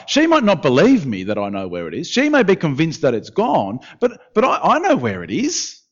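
A man preaching a sermon, sinking to hushed words and climbing to urgent questions. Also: on the high side, moderate pace, few pauses, muffled recording. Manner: expressive preaching, dropping to hushed tones and rising to urgent questions. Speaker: pastor.

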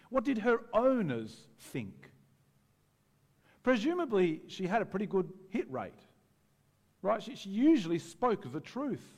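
A male pastor with a fairly high voice preaches in a chatty, lively way. His pitch swings widely as he acts out the people in the story. The long reverb of a church hall trails after his words. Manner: conversational and animated, acting out voices. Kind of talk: sermon.

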